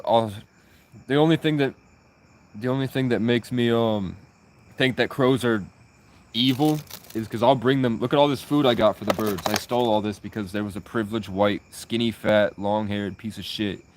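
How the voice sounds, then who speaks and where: A man's voice: lowish voice, fairly even intonation, moderate pace. A young man telling personal stories in a rambling, profane, casual way, full of restarts. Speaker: vlogger.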